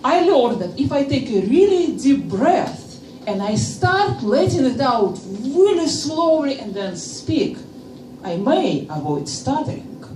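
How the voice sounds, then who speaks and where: A woman with a Russian accent performing a stand-up comedy set, with a slow, deliberate delivery and playful pauses. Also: sits high, big pitch swings, dark tone, a little hiss or hum. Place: comedy stage before a live audience. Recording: roomy live venue, from a distance.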